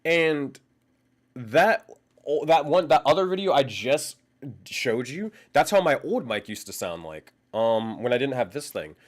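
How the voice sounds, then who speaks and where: A young man talking casually to his live-stream chat through a condenser mic, thinking aloud as he goes. His pitch swings widely and animatedly, and his speech is loose, profane and full of laughter. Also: very animated, measured pace. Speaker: livestream host. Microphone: condenser microphone.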